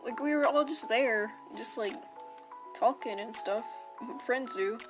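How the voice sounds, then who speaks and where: Young woman, storytime vlogger, unscripted and rambling, slightly high pitch, music bed underneath. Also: unhurried. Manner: rambling, self-interrupting, casual slang. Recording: music playing behind.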